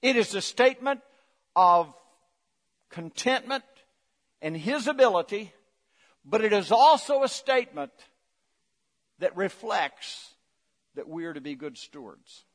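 A middle-aged man preaches from the pulpit, rising to loud, emphatic declarations and then dropping into quiet, low asides. He keeps coaxing the congregation to respond. His voice sits a little high for a man and trails off into the long reverb of a church sanctuary. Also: lively intonation, measured pace, pauses often. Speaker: pastor. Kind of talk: sermon.

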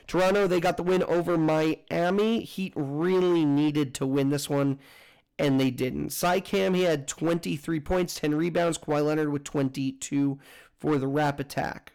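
A man runs through sports scores and standings as a casual news host. His voice sits a little high and has a gravelly edge. His delivery is loose and chatty, and he stops to correct himself. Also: fairly even intonation, a little slow, darkish tone. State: has the hiccups.

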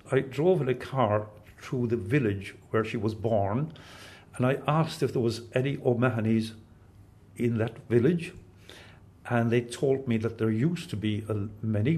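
An elderly man from Ireland with an ordinary mid-range voice. He picks his words with care and tells his story in an articulate, deliberate way. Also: medium pitch, a little mellow. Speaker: interviewee, former industrial school resident. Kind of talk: recorded interview recollection.

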